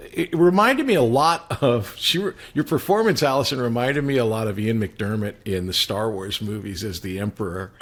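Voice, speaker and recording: A man guest on a podcast, chatting casually and telling stories with animated reflection. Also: medium pitch, slight background noise. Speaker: guest actor. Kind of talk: casual chat.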